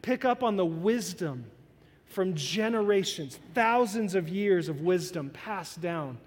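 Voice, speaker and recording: Young male pastor, earnest conversational preacher with a high voice, long hall reverb. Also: animated, slow pace. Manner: earnest, conversational, pleading softly. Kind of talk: sermon.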